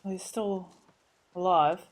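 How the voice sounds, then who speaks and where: A woman's voice: on the low side, fairly even intonation, slow. A woman hosting a reaction video, blurting emotional, blunt comments with plenty of swearing. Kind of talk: casual TV show reaction.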